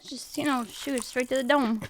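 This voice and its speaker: A woman's voice: high-pitched, fairly even intonation, a little fast, a little hiss or hum, poor audio. A woman chatting as a guest on a casual podcast, with a dry, playful manner.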